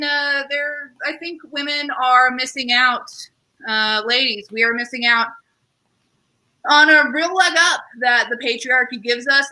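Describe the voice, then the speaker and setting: A woman's voice: high-pitched, pushed and bright, rough recording. A young woman doing a stand-up comedy set, rambling and self-deprecating, with lots of fillers and acted-out voices. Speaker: stand-up comedian and show host.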